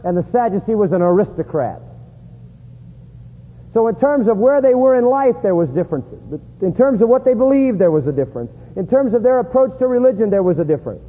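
A man preaching a sermon in an emphatic style, rising high and loud to stress points. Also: breathy edge. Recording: echoey hall on a tinny lo-fi line.

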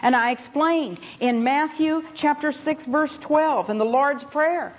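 A woman's voice: sits high, measured pace, lo-fi sound. A woman Bible teacher giving a sermon to a conference audience, telling stories with emphasis and speaking to them directly.

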